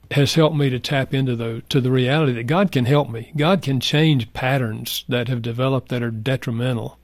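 Un homme âgé, invité d'une émission, raconte avec sincérité et douceur une histoire personnelle. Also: male voice, mid-range voice, dry recording. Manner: earnest, soft-spoken, reflective. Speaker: guest. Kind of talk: heartfelt personal storytelling.

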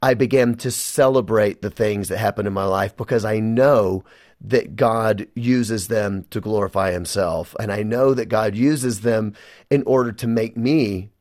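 A man's voice: lowish voice, unhurried, darkish tone, no echo, clean studio sound. A man, a guest on a radio interview, telling an emotional personal story of faith in an earnest way.

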